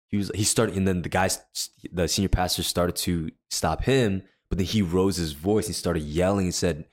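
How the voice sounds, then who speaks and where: A man with a deep voice speaks fairly quickly while co-hosting a faith podcast. He's earnest, relating a personal story in easygoing chat and acting out what others told him.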